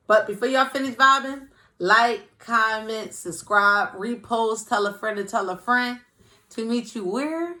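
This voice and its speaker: A woman's voice: a little high, unhurried, bright, forceful tone. A young woman chatting casually to camera as host of her own vlog, playful and talkative. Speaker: vlogger, show host.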